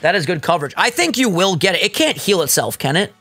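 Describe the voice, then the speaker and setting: A young man co-hosting a let's play, excitable and teasing in casual gaming banter. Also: high voice, fast, breathy edge, no room sound, soft background music.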